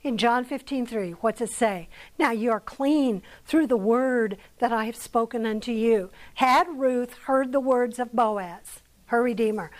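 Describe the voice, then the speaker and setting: A woman with an American accent teaching scripture to a church group, her voice pitched high. She speaks slowly and deliberately, often pausing to ask her listeners a question before answering it herself. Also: low-quality recording. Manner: conversational, asks the audience questions. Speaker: women's Bible study teacher. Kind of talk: Bible teaching talk.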